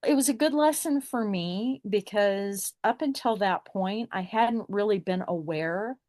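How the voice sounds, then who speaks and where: A woman's voice: mid-range voice, a little slow, darkish tone, no echo, studio quality. A middle-aged woman telling a personal story as a podcast guest, acting out the exchanges she recounts.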